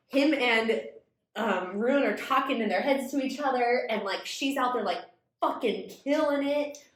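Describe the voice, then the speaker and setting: A woman's voice: a little high, reverberant. A young woman co-hosting a podcast, gushing about a book in casual chat and saying "like" a lot. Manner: gushing, heavy use of "like" and "literally". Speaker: podcast co-host.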